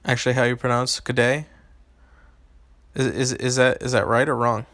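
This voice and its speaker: A man's voice: medium pitch, flat delivery, fast, fairly bright tone, no echo. A young man streaming a mobile game, reading out and answering chat questions in a loose, hesitant way with lots of ums and restarts. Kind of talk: casual live-stream chat.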